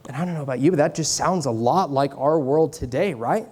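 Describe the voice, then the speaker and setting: A man's voice: on the high side, a little fast, a little mellow, breathy edge. A man in his late twenties, a youth pastor giving a conversational sermon, repeating key lines for emphasis and adding joking asides. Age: 20s. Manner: joking asides, drops into a mock Southern voice for church sayings.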